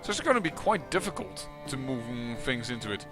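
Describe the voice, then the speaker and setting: A man's voice: mid-range voice, very animated, fairly quick, over music. A man giving casual, musing commentary on a strategy game, with occasional exasperated outbursts. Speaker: let's play commentator.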